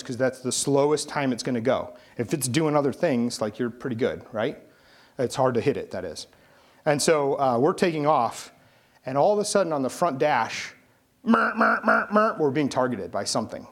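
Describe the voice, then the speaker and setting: A man preaching a sermon, telling a story with acted-out quotes and sound effects. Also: on the high side. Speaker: pastor.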